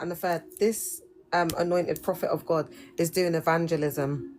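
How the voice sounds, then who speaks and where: A woman's voice: lowish voice, slight background noise. A woman in her thirties with a London accent, giving casual live-stream commentary in a chatty, slangy way and laughing often. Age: 30s. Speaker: livestreamer.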